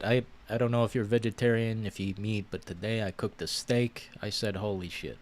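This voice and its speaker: Laid-back low-voiced male host. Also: fairly even intonation, a little fast, few pauses. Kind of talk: casual chat show.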